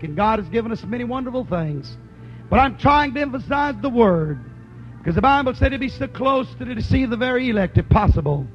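A man's voice: very high voice, muffled recording. A man preaching a fervent sermon with an altar call, calling out to the congregation.

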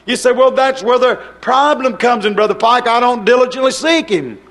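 Man, preacher, high-pitched voice, fervent sermon, loud and hushed swings. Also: expressive, normal speed.

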